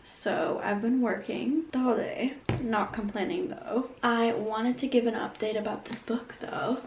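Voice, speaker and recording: A young woman in her twenties talks to her phone camera at home, rambling and self-deprecating about the books she's reading. Her voice drops into a gravelly fry, and there is a faint hiss under the recording. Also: fairly high pitch, steady tone, measured pace. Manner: chatty, filler-heavy, self-deprecating. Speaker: book vlogger. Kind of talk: casual chat to camera. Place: bedroom at home.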